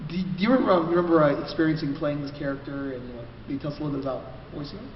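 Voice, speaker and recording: A man moderating a convention panel, chatty and joking as he stumbles through restarts. His voice sits a bit high and reaches the mic from a distance. The big hall gives it long reverb and a dull, lo-fi tone. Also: rapid-fire, a little hiss or hum. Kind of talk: casual convention panel talk.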